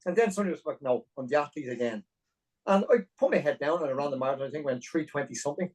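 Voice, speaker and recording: A man in his forties from Dublin with an Irish accent, a podcast guest telling his story in a lively, self-deprecating way with many restarts. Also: fairly high pitch, racing, far from the mic, rough recording. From Ireland. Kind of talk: conversational storytelling.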